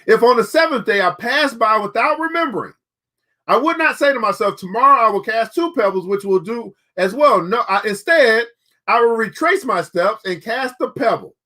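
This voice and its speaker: An American show host with an extremely high, animated voice and a sharp tone speaks at a moderate pace, offering motivational commentary between book readings. He's preachy and colloquial, addressing listeners directly and repeating key phrases for emphasis.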